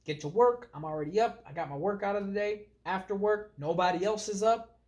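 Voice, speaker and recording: Animated storytelling man, a bit high. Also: brisk. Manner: animated, storytelling, filler-heavy. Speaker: podcast co-host. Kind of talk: casual chat.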